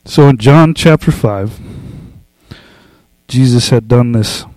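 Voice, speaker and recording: A man preaching a casual sermon, talking loosely with fillers and restarts, and reading scripture slowly and with emphasis. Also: mid-range voice, no room sound, poor audio. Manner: relaxed, conversational, with fillers and restarts. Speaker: pastor.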